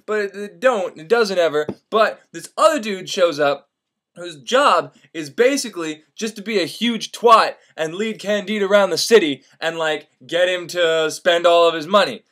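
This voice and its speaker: A man's voice: sits high, normal speed, a bit bright. A man casually retelling a classic novel as comedy, rambling and profane, jumping into silly voices for the characters.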